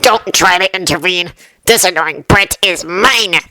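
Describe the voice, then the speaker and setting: A woman's voice: deep voice, steady tone, measured pace, vocal fry, fairly bright tone, no room sound, voice pushed down, exaggerated voice. A woman voicing a sneering, unhinged male villain in a fanfiction reading. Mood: possessive. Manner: sneering, taunting.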